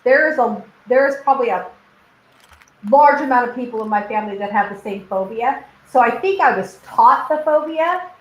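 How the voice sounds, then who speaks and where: A woman with a high voice hosts a loose, casual chat. She tells stories with lots of energy, laughs often and swears freely. The sound is echoey, with a faint hiss in the background. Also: expressive, normal speed. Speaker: host.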